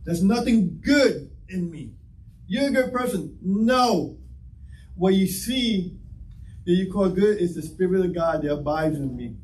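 High-voiced pastor preaching in an echoey hall. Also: male voice, animated, measured pace, a little mellow. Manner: impassioned, conversational preaching with acted-out dialogue. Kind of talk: sermon. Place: church sanctuary. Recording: echoey church hall, mic from a distance.

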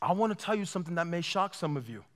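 High-voiced impassioned male preacher. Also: very animated, fast talker, a bit bright. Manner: impassioned preaching, acts out heartfelt prayers. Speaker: pastor. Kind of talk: sermon. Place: large church auditorium. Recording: long church hall reverb.

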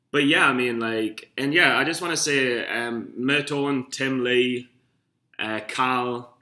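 A young man from Newcastle, England, vlogs casually from his room in a Geordie accent, rambling, swearing, and laughing at himself. His voice is mid-range with a bright, forceful tone, and the room echoes.

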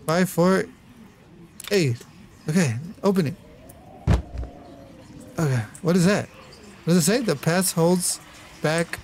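A man's voice: a little high, lively intonation, unhurried, pauses often, noisy background. A man doing let's play commentary on a horror game, jumpy and apologetic, with nervous laughs and a lot of swearing. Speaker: gamer.

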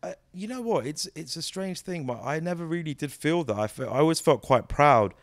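A British man in his thirties, a comedy actor, chatting as an interview guest in an animated, storytelling way. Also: fairly high pitch, fairly quick. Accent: British English. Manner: animated, storytelling, many "you know"s. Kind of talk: casual interview chat.

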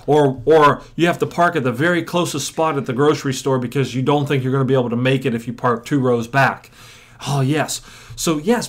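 A chiropractor teaching a workshop method, telling patient stories and acting out what patients and audience members say. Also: male voice, mid-range voice. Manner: storytelling, acts out patients and audience. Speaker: chiropractor and coach. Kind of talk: teaching a seminar.

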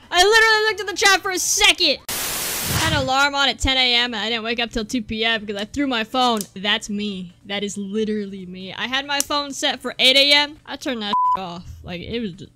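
A young woman streaming a racing game, chatting casually with her viewers and breaking into loud excited outbursts. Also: on the high side, brisk.

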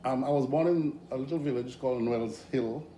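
A middle-aged man from Grenada with a Grenadian accent, guesting in a casual interview, telling stories in an animated way with frequent laughs. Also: medium pitch, brisk. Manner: animated, hesitant with fillers, laughs often. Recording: echoey room with background noise.

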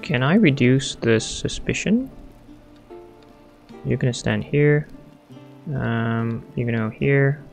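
Excitable gravelly man narrating a game. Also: mid-range voice, slow, pauses often, soft background music. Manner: excitable, thinking aloud. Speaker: gamer playing a strategy game. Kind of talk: casual let's-play commentary.

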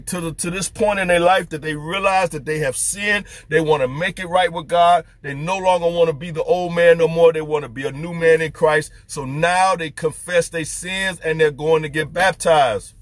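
A man's voice: on the high side, normal speed, hardly any pauses, no room sound. A man preaching as a street preacher, fervent and firing off rhetorical questions. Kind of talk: preaching to camera.

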